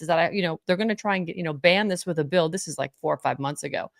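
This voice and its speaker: Speaking quickly with hardly any pauses, this Florida woman is a podcast interview guest who tells stories with lots of energy and performs the quotes. Her voice is on the lowish side. It's a casual chat, recorded dry at studio quality.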